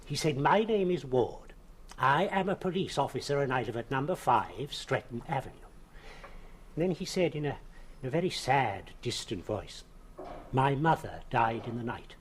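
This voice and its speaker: Man playing a polite undertaker, halting and deferential, lively pitch, faint background noise. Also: natural voice. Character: fussy polite male undertaker. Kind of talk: 1970s television police drama.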